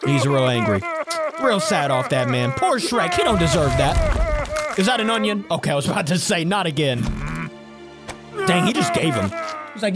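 A host commenting on a cartoon in an animated, incredulous way, often stopping to replay a scene. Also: medium pitch, moderate pace, pauses often. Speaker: reaction video host. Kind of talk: comedic cartoon reaction commentary. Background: music from the cartoon being watched.

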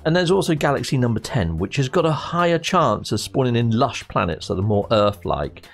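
Gravelly gaming YouTuber. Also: male voice, medium pitch, sing-song, brisk. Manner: rambling, restarts mid-sentence. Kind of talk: casual chat.

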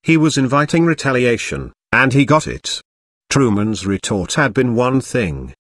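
A man reading a history audiobook aloud in a measured, even narration. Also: mid-range voice, no echo.

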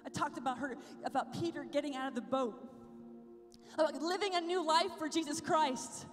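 Fervent high-voiced woman preaching in a hall. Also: moderate pace. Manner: passionate, rising to fervent prayer. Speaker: youth conference speaker. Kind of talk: evangelical youth keynote. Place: large conference hall. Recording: long hall reverb with music.

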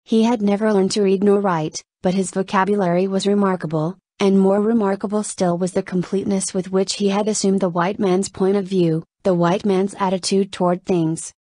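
A woman narrating an audiobook in a steady, measured storytelling voice. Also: mid-range voice, dry recording. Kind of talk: scripted narration.

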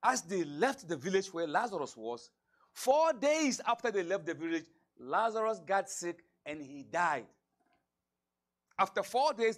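A man, an imam, telling a story in a sermon and acting out the voices of the people in it. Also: a little high. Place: mosque hall.

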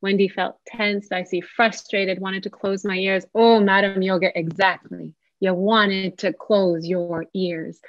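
Calm, inviting woman leading a workshop. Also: medium pitch, unhurried, no echo. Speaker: social worker and psychotherapist leading a workshop. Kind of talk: online parenting workshop talk. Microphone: video call. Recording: dull dry video call audio.

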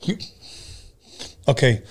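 A man's voice: takes it slowly, a little mellow, slight background noise. A man hosting a casual chat show, loose and profane, telling stories with many stumbles and restarts. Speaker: podcast host.

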